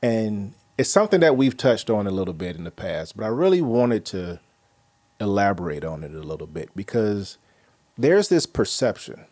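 A man's voice: on the low side, big pitch swings, moderate pace, a little mellow. Profane storytelling podcast host man. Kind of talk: casual chat.

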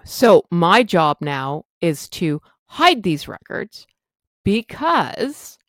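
A woman's voice: lowish voice, sing-song, drawn-out words, no echo. A middle-aged woman from Canada hosting a podcast, telling a personal story in a candid, self-deprecating, exasperated way. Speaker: podcast host.

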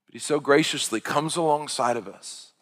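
A man's voice: a little high, moderate pace, fairly bright tone, long reverb tail. A man preaching a sermon in an earnest, emphatic way, stressing points through repetition.

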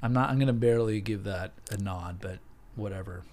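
A man co-hosting a podcast, talking about parenting in animated casual banter, muttering asides and acting out quotes. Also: lowish voice, brisk. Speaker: podcast co-host.

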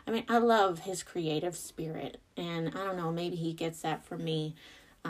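A woman in her thirties hosting her own podcast, talking casually and expressively about her life, with devout and self-deprecating asides. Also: sits low. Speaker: podcast host. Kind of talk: casual personal monologue.

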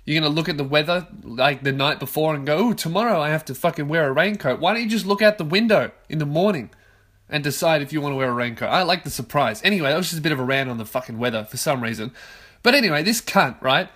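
A man in his twenties with an Australian accent hosts a solo podcast from his own bedroom. His voice sits a bit higher than most men's, and he swears constantly. He rants in loud, fired-up bursts. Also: expressive, fast talker. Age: 20s. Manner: profane, ranting, loud outbursts. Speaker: podcast host. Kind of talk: casual solo podcast rant.

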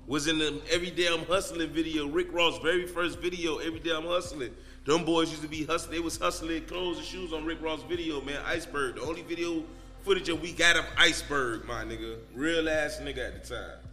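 A man's voice: fairly high pitch, steady tone, a little fast, bright, forceful tone, in a large hall. A man telling a story as a podcast guest in loose, profane street talk. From Miami, Florida. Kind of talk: casual storytelling.

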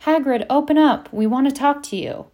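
A woman's voice: high-pitched, slow, voice pushed up, heavily acted. Woman playing a fierce teenage boy wizard. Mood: insistent. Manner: firm, blunt.

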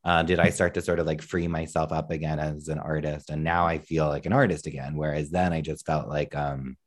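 A man's voice: a bass voice, little pitch movement, brisk. A man, a musician and actor, telling stories as a podcast guest in an earnest, self-deprecating way. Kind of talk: casual interview chat.

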